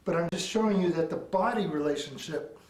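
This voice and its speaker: Animated man teaching from across an echoey room. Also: fairly quick, background noise. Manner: animated, punctuates with sound effects like "boom" and "bang". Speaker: martial arts instructor. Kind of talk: instructional demonstration. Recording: echoey room, mic far off.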